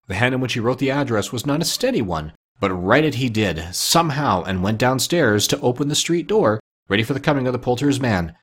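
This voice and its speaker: A man narrating a classic story with a lively, expressive reading. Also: mid-range voice, fairly quick, breathy edge.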